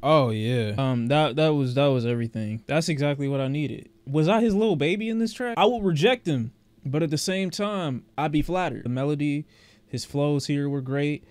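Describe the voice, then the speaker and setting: A man's voice: on the high side, moderate pace, darkish tone, no echo. A man giving a casual, rambling reaction to a music album, often repeating words and breaking into song. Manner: chatty, rambling, repeats words, sings along. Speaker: music reviewer. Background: album music playing.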